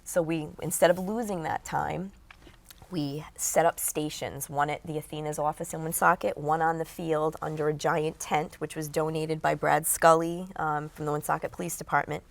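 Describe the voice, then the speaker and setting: A woman guest in an interview, telling a story in an animated way and acting out what people said. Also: sits low, normal speed, vocal fry. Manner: animated storyteller, acts out quotes.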